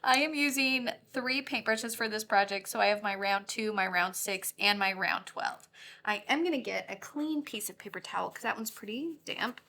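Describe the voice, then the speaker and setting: A woman's voice: mid-range voice, normal speed, pushed and bright. A woman teaching a watercolor lesson in a bubbly, giggly, grateful way. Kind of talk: friendly tutorial instruction.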